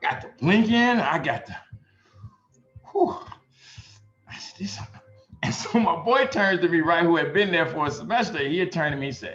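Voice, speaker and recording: A man's voice: a little high, lively intonation, moderate pace, long pauses, a bit bright, echoey room, lo-fi sound, soft background music. Loose-talking Midwestern man telling stories. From Gary, Indiana, US Midwest. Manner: loose, profane, storytelling with quoted voices. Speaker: instructor. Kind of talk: casual personal storytelling.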